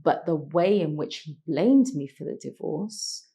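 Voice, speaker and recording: Brief: middle-aged woman, guest telling her life story, low voice, halting and reflective. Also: animated, mellow, husky. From London, England. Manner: reflective, halting, with many restarts and pauses. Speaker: podcast guest. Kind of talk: emotional personal storytelling.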